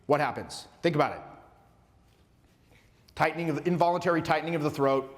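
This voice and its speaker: Male coach, 40s, pitched a bit high, casual animated workshop delivery with swearing, recorded with long hall reverb. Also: fast. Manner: animated, acts out little dialogues, casual swearing. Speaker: social skills coach. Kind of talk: workshop lecture.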